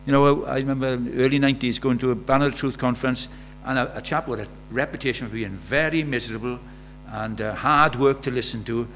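A man's voice: mid-range voice, fast, few pauses, fairly bright tone, soft background music. A man preaching a sermon in a conversational way, asking the congregation rhetorical questions. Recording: faint mains hum.

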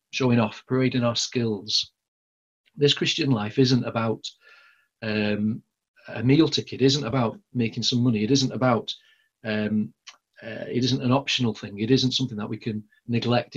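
A man's voice: mid-range voice, fairly bright tone, husky, lo-fi sound. A man with a Lancashire accent preaching a sermon in a conversational, rambling way, full of fillers and restarts. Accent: Lancashire English.

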